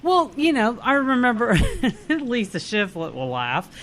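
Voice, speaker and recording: A woman co-hosting a comedy podcast, chatting casually and laughing often as she tells animated stories. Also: a little high, unhurried. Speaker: podcast co-host.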